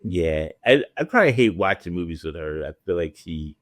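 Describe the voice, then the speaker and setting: Low-voiced joking male podcast host. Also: expressive, a little fast, no room sound, clean studio sound. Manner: joking, swears freely. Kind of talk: casual chat.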